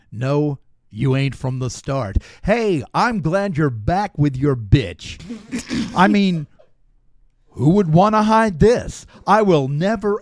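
A man's voice: a little high, a little mellow, dry recording, studio quality. A man who is a regular on the show, rapping comic verses and chatting playfully, often laughing mid-line. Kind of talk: comedic rapping and casual chat.

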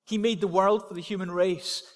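High-voiced preaching man in a hall. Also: steady tone, moderate pace. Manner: emphatic, repetitive declarations. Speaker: pastor. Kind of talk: sermon. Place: church hall.

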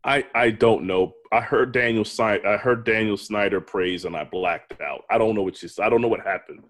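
A man's voice: fairly low pitch, moderate pace, a bit bright. Man, podcast co-host, argumentative, teasing, casual sports banter. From Virginia. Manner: argumentative, teasing, talks over the other host.

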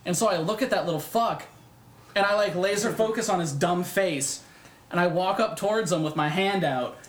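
A young man, co-hosting a casual podcast and telling a profane, animated story that acts out the other voices. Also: sits high, moderate pace. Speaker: podcast co-host. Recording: echoey room.

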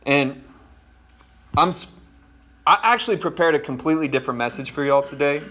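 A man's voice: on the high side, brisk, bright, forceful tone. A man, a pastor with children, preaching a conversational sermon and talking straight to his congregation. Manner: conversational, folksy, addresses congregation directly.

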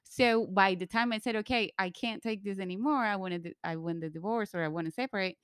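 A woman from Colombia telling a candid personal story in conversation, lively when she quotes others. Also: medium pitch, fast, clear, resonant tone, dry recording, clean studio sound.

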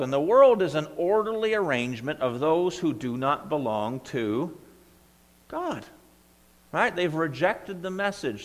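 Male pastor, slightly high voice, chatty sermon delivery with frequent check-ins, recorded in a reverberant church hall. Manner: conversational preaching, frequent "right?" and "okay?" checks.

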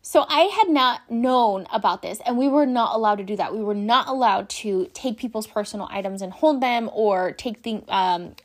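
A young woman, a former shift supervisor, telling work stories in a casual, animated way, swearing freely and acting out the people involved. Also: a little high, normal speed, hardly any pauses. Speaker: vlogger, former coffee shop shift supervisor. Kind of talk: casual storytelling rant.

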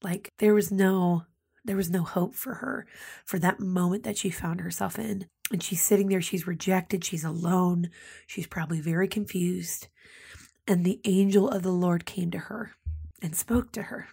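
A woman's voice: lowish voice, fairly even intonation, moderate pace, vocal fry, warm tone, husky. A woman in her thirties, a ministry leader hosting a podcast, giving a reflective devotional talk and often dropping to a near whisper. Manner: intimate, often drops to a whisper.

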